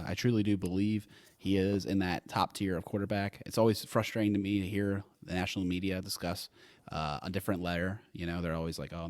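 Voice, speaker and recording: A man's voice: lowish voice, no echo. A man co-hosting a casual sports talk show, speaking in an enthusiastic, rambling way. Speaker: co-host.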